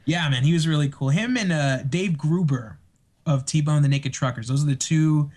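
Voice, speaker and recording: Excitable storytelling man, slightly high voice. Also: normal speed. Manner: excitable, laughs often, acts out quoted voices. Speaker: podcast guest. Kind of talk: casual chat, storytelling.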